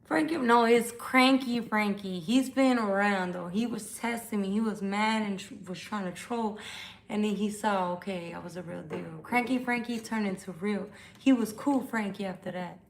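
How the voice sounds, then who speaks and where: Gravelly-voiced tipsy woman tarot reader. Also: medium pitch, moderate pace. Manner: blunt, profane, animated. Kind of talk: casual live-stream chat. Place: at home.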